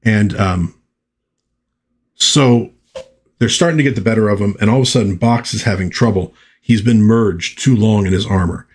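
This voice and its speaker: Dude rambling about old comics, low husky voice, lots of ums and side notes. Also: male voice, moderate pace, long pauses. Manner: chatty, with many fillers and asides. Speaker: comic book reviewer. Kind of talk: casual comic review, reading panels aloud.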